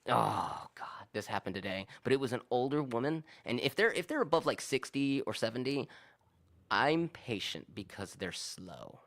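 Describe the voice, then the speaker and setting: A man chatting casually on a podcast, telling a work story in an animated way and acting out both sides. He swears freely, and his pitch sits in the middle range for a man. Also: normal speed, creaky. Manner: animated, profane, acts out both sides of arguments.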